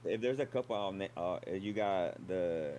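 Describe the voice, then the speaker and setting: A man's voice: low-pitched, moderate pace, dark tone, muffled recording. A man as a guest on a livestream chat, talking in a laid-back, rambling way with lots of fillers and casual swearing.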